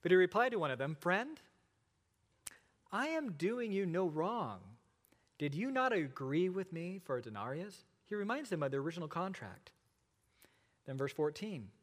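A middle-aged male pastor preaching a sermon, asking rhetorical questions and pausing for effect. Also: fairly high pitch, in a large hall. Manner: expository preaching with rhetorical questions and dramatic pauses.

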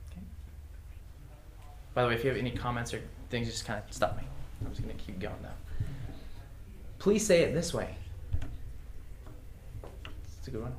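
A man's voice: medium pitch, expressive, moderate pace, long pauses. A man teaching a casual class, reading example phrases aloud and chuckling often. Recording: echoey room with faint noise.

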